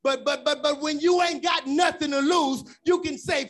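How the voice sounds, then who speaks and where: A woman preaching a sermon, shouting with passion in a rhythmic call-and-response cadence and repeated refrains. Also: high-pitched, steady tone, moderate pace.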